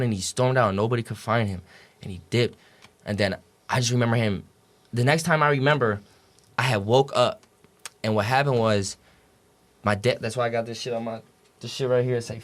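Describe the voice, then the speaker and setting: A man's voice: mid-range voice, brisk. A young man telling a story as a podcast guest, casual and profane, packed with "like" and "dude".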